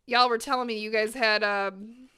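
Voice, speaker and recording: A woman's voice: fairly high pitch, normal speed, smooth. A woman chatting energetically with her viewers while cooking on a live stream in her home kitchen, swearing freely as she talks. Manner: energetic, chatty and profane, talking to chat.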